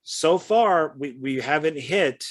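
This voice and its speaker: A man's voice: fairly high pitch, expressive, slow. A man co-hosting a casual film chat, chatty and hesitant, often stumbling over his words. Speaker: co-host.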